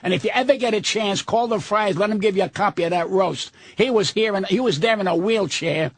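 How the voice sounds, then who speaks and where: A man's voice: sits high, a little fast. An older man, a guest comedian on a radio show, ranting brashly and swearing constantly.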